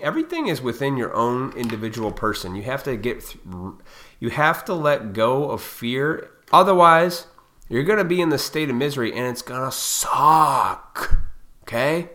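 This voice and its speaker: A man's voice: mid-range voice, sing-song, moderate pace, pushed and bright. A man delivering a heated, profane monologue to his viewers, lecturing them bluntly. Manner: heated, fired up.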